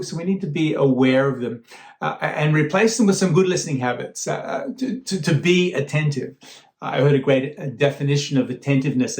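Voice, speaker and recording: Man, guest preacher, chatty sermon, restarts and fillers, echoey room. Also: medium pitch. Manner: conversational, warm storytelling with frequent fillers and repeated starts. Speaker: guest speaker.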